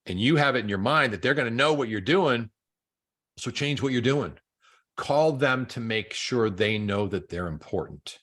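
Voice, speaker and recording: A man's voice: mid-range voice, animated, normal speed, a bit bright. A man coaching a group, telling stories and acting out both sides of phone calls. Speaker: real estate coach.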